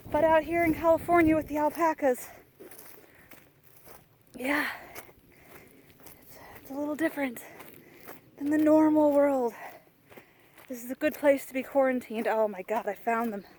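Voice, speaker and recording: A woman's voice: sits high, steady tone, unhurried, long pauses, darkish tone, slight background noise. A woman vlogging outdoors on a farm with alpacas, talking in a playful, theatrical way as she films with a handheld camera. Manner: playful, theatrical, mock-grand phrasing. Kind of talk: casual outdoor vlog commentary.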